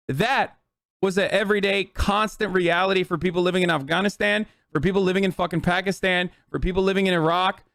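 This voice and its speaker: A man's voice: high voice, vocal fry, fairly bright tone, no echo, studio quality. A man in his thirties streaming, ranting heatedly about politics to his chat, emphatic, profane and repetitive.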